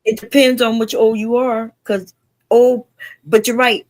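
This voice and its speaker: A woman hosting a casual livestream chat, frank and argumentative, warm in her goodbyes. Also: on the high side, level tone, unhurried, no room sound. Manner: frank, argumentative, affectionate sign-offs. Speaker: livestream host.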